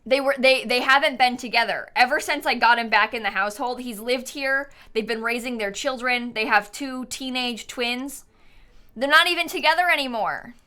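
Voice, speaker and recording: A woman's voice: a little high, normal speed, pushed and bright. A woman from the United States live-streaming a game, chatting casually and rambling, often laughing and answering her chat.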